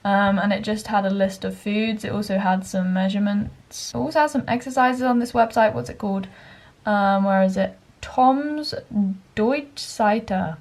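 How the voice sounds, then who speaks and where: A woman's voice: mid-range voice, moderate pace, darkish tone, rough recording. A young woman, chatting casually in a home vlog and sounding out German words as she corrects herself. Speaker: vlogger. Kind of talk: casual study vlog narration. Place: home bedroom, indoors.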